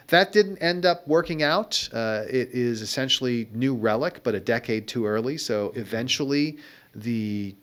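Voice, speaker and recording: A middle-aged man being interviewed as an entrepreneur, telling wry, reflective stories about his career in a conversational way. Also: medium pitch. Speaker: guest entrepreneur. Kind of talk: conversational storytelling.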